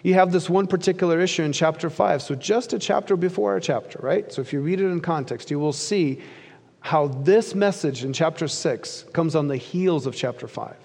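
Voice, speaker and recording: A man preaching a sermon as pastor, earnest, rising for emphasis and sinking low at the ends of phrases. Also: moderate pace, vocal fry, darkish tone. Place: church sanctuary. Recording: long reverb of a large church hall.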